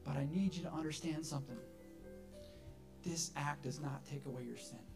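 Male pastor, earnest sermon, slightly high voice, faint music bed. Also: moderate pace. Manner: earnest, repeats words when stressing. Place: church sanctuary.

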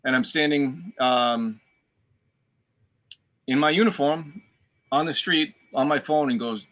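A man with a softened Boston accent, an actor guest telling animated stories in a casual chat and swearing freely. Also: fairly high pitch, slow, pauses often. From Dorchester, Boston.

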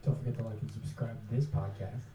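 A man's voice: on the low side, fairly even intonation, fast, dark tone. A man co-hosting a podcast, chiming in with brief remarks. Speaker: podcast co-host. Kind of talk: casual podcast chat. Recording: roomy, distant, noisy.

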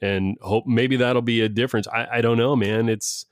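A man's voice: medium pitch, steady tone, moderate pace, dry recording, clean studio sound. A middle-aged man and father talking casually, rambling with frequent restarts and laughs. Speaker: parent discussing schooling. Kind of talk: casual conversation.

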